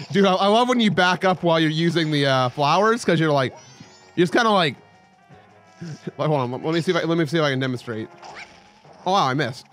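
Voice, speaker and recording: Excitable young man with a lively voice. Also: fairly high pitch, brisk, long pauses, soft background music. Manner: excitable, joking, with sudden yelps. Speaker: let's play host. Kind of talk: casual gameplay commentary.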